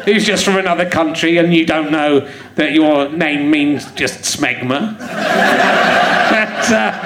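High-voiced man teasing a theatre crowd. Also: slow pace. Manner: teasing, joking with the audience, often laughing. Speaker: comedian host. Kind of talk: live comedy podcast banter. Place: theatre stage with a live audience. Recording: echoey theatre with crowd laughter.

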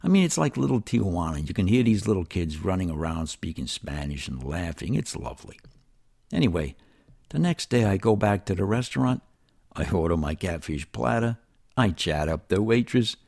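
An older man with a New York accent spins a personal story in an animated, chatty way. His voice sits very low and gravelly, yet it swings widely up and down as he talks. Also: moderate pace. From New York City. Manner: animated, folksy and conversational. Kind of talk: storytelling narration.

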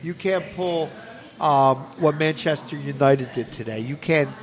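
A man's voice: a little high, a little slow, creaky. A man co-hosting a casual soccer talk show, chatty and argumentative, with lots of "you know.". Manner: chatty, fills with "you know" and restarts, argues points. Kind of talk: casual sports chat.

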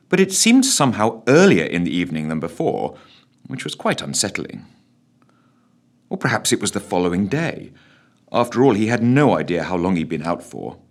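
A man narrates a comic story in a wry, mock-solemn tone. His voice sits fairly low but leaps around with huge swings of pitch. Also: slightly rough.

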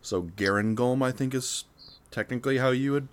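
A man in a casual gaming chat, speaking thoughtfully with pauses and fillers. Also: mid-range voice, steady tone.

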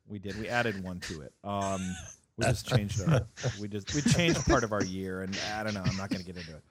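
A man co-hosting a casual tech podcast, joking and making playful asides, sometimes trailing off quietly. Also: sits low, fairly quick, a crowd in the background. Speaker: podcast co-host.

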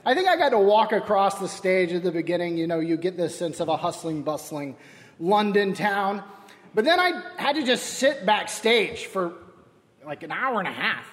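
Man, priest, sermon, high voice, wry storytelling, echoing church hall. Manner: wry, self-deprecating storytelling.

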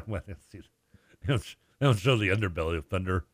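A man's voice: low-pitched, fast talker, dry recording, studio quality. A man, co-hosting a sports radio show and telling stories in casual chat, acting out the voices with laughs. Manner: animated storyteller, acts out voices and laughs.

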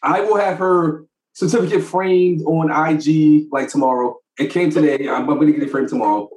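Animated, laughing father in an echoey room. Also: fairly high pitch, normal speed. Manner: animated storyteller, laughs often. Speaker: podcast co-host. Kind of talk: casual chat.

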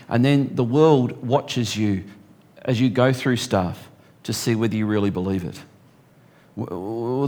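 A man's voice: mid-range voice, a little mellow. Man preaching with joking asides. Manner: slow deliberate scripture reading with joking asides. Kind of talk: sermon.

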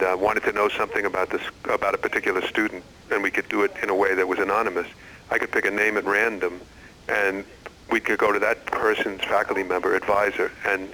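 A middle-aged man, an experienced educator, answering interview questions in an earnest, measured way with frequent restarts. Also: on the low side, sharp tone, slight background noise, rough recording. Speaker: educator and former school head.

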